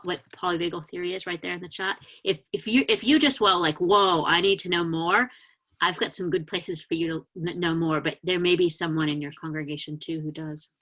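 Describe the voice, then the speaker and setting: A woman minister giving a sermon over a video call, gently guiding a grounding meditation with calm, inviting words and a few soft hesitations. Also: fairly low pitch. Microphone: video call mic.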